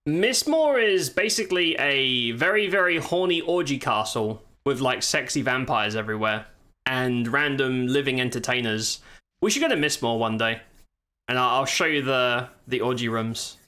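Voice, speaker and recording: Over faint game music, a man streams live gameplay, commenting, cursing, exclaiming, and talking to his viewers. His medium-pitched voice is expressive and sharp, at a moderate pace.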